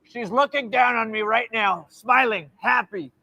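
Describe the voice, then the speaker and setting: This is a smug older president done by a young man who brags over and over. The voice sits very high with a gravelly edge. It is recorded close and dry. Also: unhurried, sharp tone, no echo, exaggerated voice, low-quality recording. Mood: boastful. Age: young adult. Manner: repetitive boasting, stretched emphasis. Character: boastful older male president, brash and smug.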